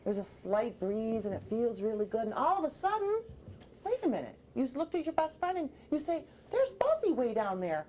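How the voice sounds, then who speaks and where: High, sing-song woman author coaxing a group of kids, faint room hum. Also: a little fast. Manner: animated, coaxing, asks kids questions. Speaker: children's book author. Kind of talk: talking with young children about a picture book. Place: television studio with children.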